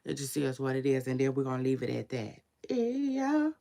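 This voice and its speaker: This woman in her forties sounds very animated yet mellow, with a creaky, smoky low voice at a moderate pace. She's an online commentator casually and sleepily chatting on a livestream with her viewers, using relaxed slang.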